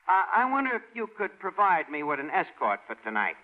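An actor playing a brash, streetwise, ungrammatical tavern manager in 1940s radio comedy, on a dull, hissy old broadcast. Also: male voice, a little high, huge pitch swings, a little fast. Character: fast-talking male tavern manager, streetwise.

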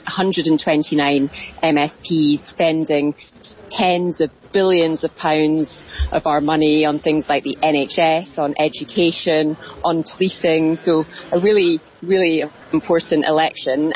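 A woman reporting as a news correspondent, explaining election results clearly. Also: deep voice. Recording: muffled broadcast audio.

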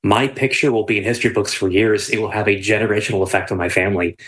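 A man's voice: lowish voice, steady tone, fast, fairly bright tone. A man speaking earnestly as a guest in a talk show interview. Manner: earnest, laughs easily.

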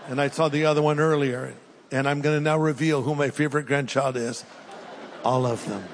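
An older man preaching a sermon in a large church, earnest and urging, shifting between raised appeals and quiet, hushed prayer. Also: medium pitch, fairly even intonation, brisk, slight background noise. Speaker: pastor. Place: large church auditorium with live audience. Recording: long hall reverb.

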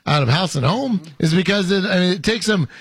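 A man's voice: sits high, animated, a little fast. A man hosting a show, reading viewer comments in casual banter, hesitant with many fillers and playfully pompous. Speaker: host.

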